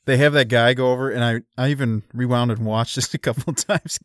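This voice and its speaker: A man's voice: medium pitch, fairly even intonation, fast talker, no room sound, clean studio sound. A man co-hosting a podcast, chatting casually about a film and joking with laughter through his remarks. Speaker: podcast co-host. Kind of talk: casual film recap chat.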